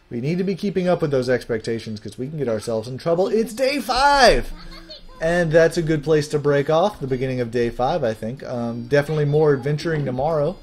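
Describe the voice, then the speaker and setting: A man's voice: mid-range voice, dark tone. A man giving casual, chatty gameplay commentary as host, with jokey asides. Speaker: let's play host.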